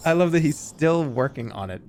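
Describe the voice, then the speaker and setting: A man streaming a video game, chatting in a rambling, profane, animated way. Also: a little high, measured pace, soft background music. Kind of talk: casual chat while gaming.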